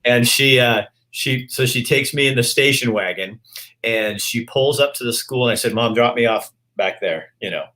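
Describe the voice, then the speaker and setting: A man's voice: mid-range voice, moderate pace, sharp tone. Reflective middle-aged male host. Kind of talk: casual interview chat.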